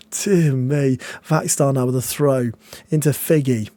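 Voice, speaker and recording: A young man commentating a football management game, swinging between nervous mutters and loud excited outbursts. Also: fairly high pitch, normal speed. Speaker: game streamer.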